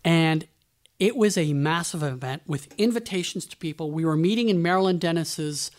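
A man's voice: fairly high pitch, normal speed. Radio host guy telling stories, chatty, lots of "you know" and "right?". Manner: chatty storytelling, conversational asides. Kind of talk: radio show narration.

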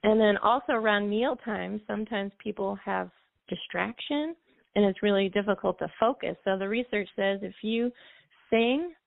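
Gravelly-voiced woman explaining over the phone. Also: mid-range voice, dry recording. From United States. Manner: explanatory, sings snippets of songs to illustrate. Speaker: music therapist guest. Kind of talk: call-in radio interview. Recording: tinny phone line, dry.

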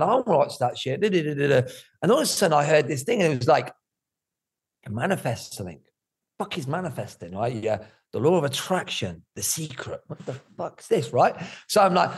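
A middle-aged man, talking candidly about his life in an interview, animated and swearing freely. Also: a little high, gravelly, breathy edge. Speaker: guest.

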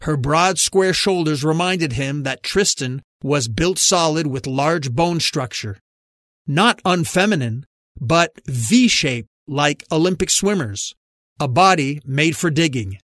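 A man narrating an audiobook in a measured, even reading from a close studio mic. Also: on the high side, dry recording. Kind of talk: scripted narration.

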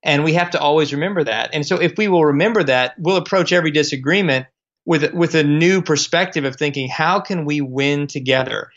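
Man, earnest advice-giver, phone guest, slightly high voice, dull lo-fi audio. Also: fast talker, fairly bright tone. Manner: earnest, explanatory. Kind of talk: casual radio chat. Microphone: phone line.

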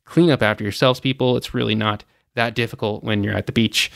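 Fairly low and creaky, his voice holds a steady tone at a brisk pace, recorded dry in a clean studio. He hosts a travel news podcast, running through stories casually with opinionated commentary and frequent "you know" fillers.

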